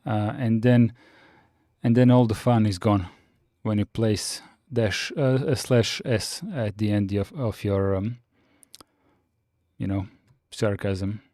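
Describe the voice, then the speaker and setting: A man with a warm, mellow voice teaches on a live stream, working through his notes in a steady, explanatory way. He answers viewer chat between points and fills pauses with "uh". The sound is dry and close, recorded at a desk mic. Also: lowish voice, dry recording. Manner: steady and explanatory, with frequent "uh" fillers. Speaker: Linux course host.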